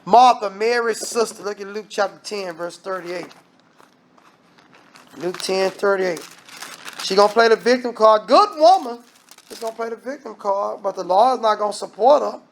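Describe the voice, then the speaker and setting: Man, preacher, gravelly voice, animated sermon, rhetorical questions. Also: high voice, moderate pace, a little hiss or hum. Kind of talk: lively sermon.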